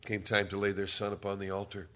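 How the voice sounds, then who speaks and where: A man's voice: on the low side, completely flat delivery, fast talker, a bit bright. A man preaching a sermon as pastor, telling a story and then reading scripture aloud with rising force.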